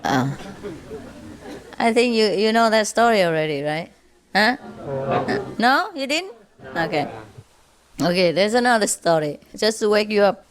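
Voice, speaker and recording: A woman telling jokes to an audience in a casual, unhurried way, often checking in with her listeners. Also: medium pitch, sing-song. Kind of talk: casual storytelling.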